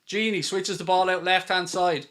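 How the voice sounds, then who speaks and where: A man hosting a live football watchalong, calling the play and reading out viewer super chats, getting excited at big moments. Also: sits high, moderate pace. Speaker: watchalong host. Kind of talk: live match commentary and chat.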